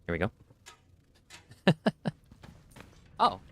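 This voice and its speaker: A man streaming a video game in casual commentary, chatting and reading in-game notes aloud into a desk microphone. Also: very slow. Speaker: gaming streamer. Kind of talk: casual let's-play commentary. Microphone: desk microphone at a computer.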